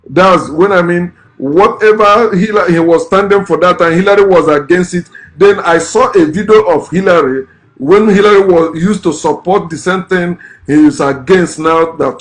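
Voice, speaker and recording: A man, a vlogger giving ranting, scornful political commentary in a blunt way. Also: a little high. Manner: blunt, scornful, repeats curses.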